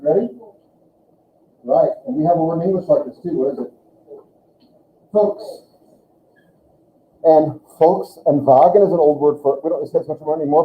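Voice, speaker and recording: A man's voice: fairly high pitch, narrow, tinny audio. Man teaching in an echoey classroom. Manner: chatty, searching for words, repeats sounds for students. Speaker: German teacher. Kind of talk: classroom lesson.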